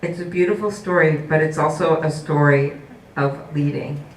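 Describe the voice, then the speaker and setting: A woman's voice: sits low, normal speed. A woman politician giving a campaign speech at a forum, telling stories with hesitant fillers. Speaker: political candidate. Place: indoor forum hall. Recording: echoey hall from far off, faint noise.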